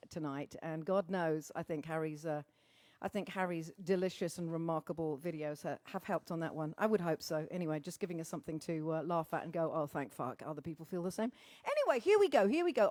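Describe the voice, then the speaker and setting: A woman's voice: mid-range voice, no room sound. Woman, livestream host, theatrical, swears freely, dry sound. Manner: chatty, theatrical, swears freely, greets viewers by name. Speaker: singer-songwriter hosting a livestream. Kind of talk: casual chat greeting viewers. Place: very hot room at home.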